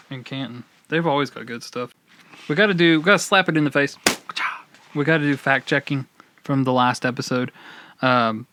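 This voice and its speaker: A man's voice: mid-range voice, fairly bright tone, clear, resonant tone. A man co-hosting a casual podcast chat, joking and rambling with restarts. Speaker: podcast co-host.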